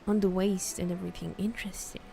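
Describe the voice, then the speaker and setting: A woman's voice: fairly low pitch, little pitch movement, fast talker, vocal fry, warm tone. A young woman streaming a game, chatting casually and rambling, stumbling over words, with hiccups. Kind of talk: casual gameplay commentary. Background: game music.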